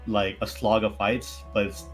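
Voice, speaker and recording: A man's voice: lowish voice, little pitch movement, a little slow, faint music behind. A man joking casually during a game stream.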